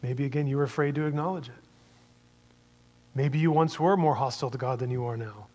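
A man's voice: medium pitch, fairly quick, darkish tone, in a large hall. A man preaching a sermon in a conversational way, asking many rhetorical questions.

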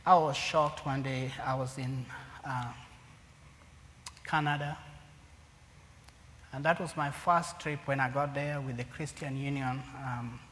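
A man with a fairly high voice preaches a sermon to his congregation. He swings from loud, emphatic lines down to near-whispers. The hall rings with a long echo under a faint hum of noise.

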